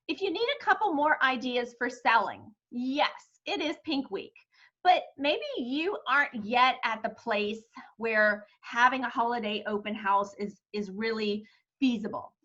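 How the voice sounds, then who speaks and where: A woman, energetic and faith-filled, leading a motivational team training call as sales leader. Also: on the high side, lo-fi sound.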